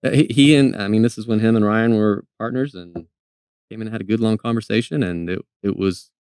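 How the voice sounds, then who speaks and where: A man telling a story as a podcast guest, with a dry, deadpan humor. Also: lowish voice, brisk, smooth, no echo. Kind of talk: casual interview talk.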